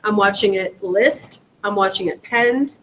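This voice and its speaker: Animated woman leading a real estate class. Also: mid-range voice, unhurried, slight background noise, poor audio. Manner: animated, acts out client dialogue, asks the room questions. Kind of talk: classroom training talk. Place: training room.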